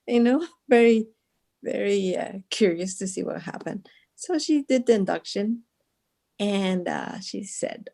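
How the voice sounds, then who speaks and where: A woman from Guatemala speaks as an interview guest and tells a personal story in an earnest, unhurried way, laughing often and restarting her sentences. Her voice sits at a middle pitch and has a mellow, warm tone. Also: lively intonation, creaky.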